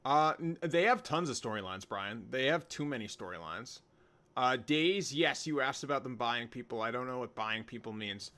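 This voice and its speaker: Bright-voiced man hosting a wrestling watch-along. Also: mid-range voice, normal speed. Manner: rambling, jokey, talks to chat by name. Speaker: livestream host reacting to wrestling. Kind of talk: casual live watch-along commentary.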